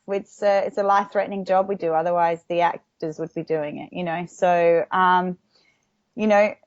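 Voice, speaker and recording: A woman's voice: medium pitch, a little mellow, no room sound, highs cut off. A woman with an Australian accent, a stunt performer talking as an interview guest in a casual, chatty way, laughing often and acting out what people said.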